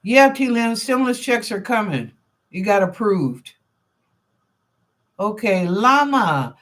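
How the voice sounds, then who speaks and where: A woman hosts a live psychic reading show and answers viewers' questions one by one. She talks slowly and casually, thinks out loud and repeats herself as the answers come to her. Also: a little high, lively intonation. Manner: chatty and informal, thinks aloud, repeats phrases. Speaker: psychic reader and show host.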